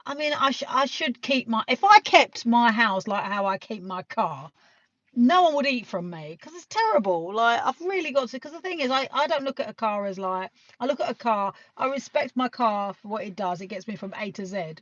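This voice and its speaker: A woman's voice: fairly high pitch, animated, moderate pace, fairly bright tone, no echo. Chatty British woman live-streaming, lo-fi. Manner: rambling, chatty, laughs often, swears casually. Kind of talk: casual live-stream chat. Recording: dull lo-fi sound.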